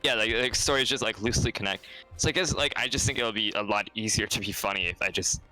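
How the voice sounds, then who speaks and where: A young man rambling deadpan and self-mocking in casual chat while playing a co-op game with a friend. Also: lowish voice, quick pace, soft background music. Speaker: co-op gaming guest.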